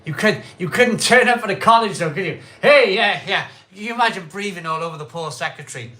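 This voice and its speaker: A man's voice: sits high, animated, quick pace. A middle-aged man hosting a live craft beer stream, chatting in a rambling, repetitive way, a bit tipsy after a pint or two. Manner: chatty, rambling, repeats himself, loud cheery greetings. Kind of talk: casual live-stream chat.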